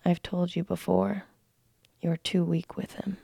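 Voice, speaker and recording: A woman voicing a stern, menacing stepfather in a whispered role-play, with a low, creaky, husky voice. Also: level tone, a little slow, mellow, no room sound, full character voice. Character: stern cruel stepfather, a grown man.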